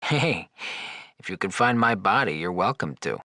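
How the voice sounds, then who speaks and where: A man's voice: deep voice, lively intonation, normal speed, sharp tone, no echo, clean studio sound, full character voice. An actor playing a flirtatious, wisecracking floating male skull, teasing and sarcastic in game dialogue.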